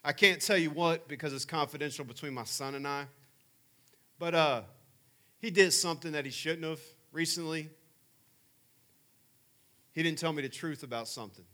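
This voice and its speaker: A man in his forties preaches to campers with a bright, forceful voice sitting a little higher than most men's. His talk is loose and chatty, full of animated stories, and it leans into conversation more than formal preaching. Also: moderate pace, pauses often. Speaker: camp speaker. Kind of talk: sermon.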